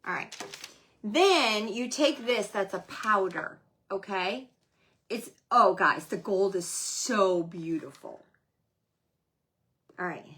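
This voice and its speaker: A woman hosting a casual live craft demonstration, chatting excitedly and calling out viewers by name. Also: mid-range voice, slow pace, pauses often, slight background noise. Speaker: livestream host selling craft supplies and clothes.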